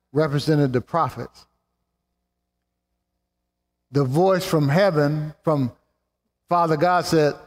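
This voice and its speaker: A man preaching a sermon with fervor, building up to exclamations and slowing down to stress key words. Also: a little high. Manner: fervent, rising to exclamations and slowing for emphasis. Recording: long hall reverb.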